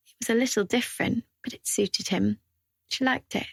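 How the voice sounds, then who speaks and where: A woman narrating an audiobook thriller in an even, measured reading. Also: on the high side, vocal fry, husky, no echo, clean studio sound. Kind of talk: scripted narration.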